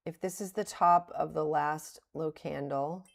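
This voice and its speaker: A middle-aged woman with a low, gravelly voice talks through her trades live on stream. She thinks aloud as she goes, criticizes herself frankly and laughs things off now and then. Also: steady tone, unhurried. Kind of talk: live-streamed trading commentary.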